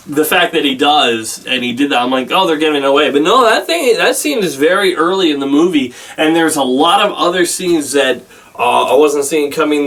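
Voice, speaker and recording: A man's voice: fairly high pitch, fairly bright tone. Rambling man reviewing a film, slightly distant mic. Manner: rambling, halting, with many restarts and fillers. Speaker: movie reviewer. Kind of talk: casual spoken film review.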